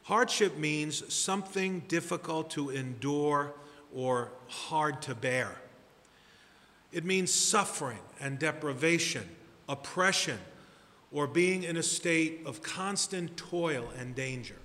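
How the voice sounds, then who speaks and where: A man preaching a sermon as pastor, deliberate and emphatic, building to stressed repeated phrases. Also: fairly high pitch, sharp tone, long reverb tail.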